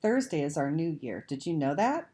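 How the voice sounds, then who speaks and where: A woman's voice: low voice, sing-song, moderate pace, mellow. A woman voicing a kind, sensible ten-year-old girl in a storybook reading, patient and coaxing. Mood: gentle, coaxing. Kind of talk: read-aloud storybook acting.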